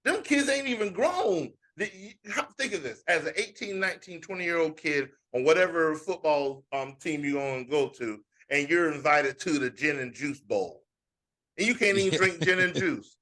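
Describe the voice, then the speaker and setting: A man, co-hosting a sports podcast in casual, slang-heavy banter and animated rants. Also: a little high, normal speed. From Fayetteville, North Carolina. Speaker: podcast co-host.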